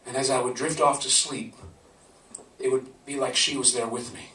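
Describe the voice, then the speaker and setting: A man's voice: mid-range voice, steady tone, moderate pace, pushed and bright. A man telling a personal story to a live audience in a conversational, laughing manner. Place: live event venue. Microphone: camcorder from a distance. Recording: roomy, from far off.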